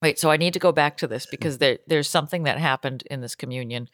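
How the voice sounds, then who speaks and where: A woman co-hosting a podcast, chatting casually with animated, exaggerated reactions. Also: low voice, fast, no echo, studio quality. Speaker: podcast co-host. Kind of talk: casual chat.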